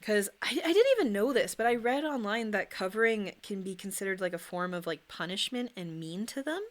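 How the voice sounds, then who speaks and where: A woman's voice: mid-range voice, expressive, a little fast. Young woman streamer, rambling casual chat, answers viewers as she paints.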